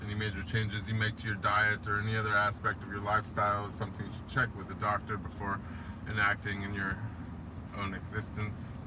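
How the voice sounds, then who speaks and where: A man hosting a casual livestream, chatting loosely and swearing, sometimes talking to his dog in a high excited voice. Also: fairly quick, noisy background. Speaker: livestream host. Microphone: tablet built-in mic.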